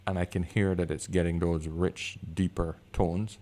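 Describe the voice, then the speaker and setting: A man with a deep bass voice reviewing gear in easygoing casual chat, recorded on a desk condenser mic in a room with high concrete ceilings. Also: unhurried. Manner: easygoing, excitable, talks with fillers. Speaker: product reviewer. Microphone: desk condenser microphone.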